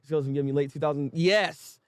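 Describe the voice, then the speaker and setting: A man hosting a casual anime episode recap, animated and laughing often as he acts out characters' lines. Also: fairly high pitch, fast, no echo, studio quality. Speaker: anime review host.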